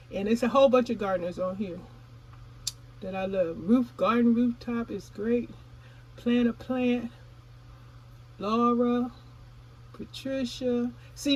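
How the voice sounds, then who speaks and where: A chatty woman from California vlogging about her garden in a relaxed, casual way. She talks straight to her viewers, calls them y'all, and sometimes keeps talking while she chews. A faint hiss sits under the recording. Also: a little high, muffled recording. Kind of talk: casual vlog chat.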